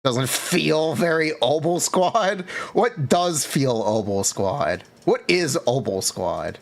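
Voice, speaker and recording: A man's voice: a little high, expressive, slow, gravelly. A man streaming live and chatting casually with his viewers, laid-back and reacting to chat.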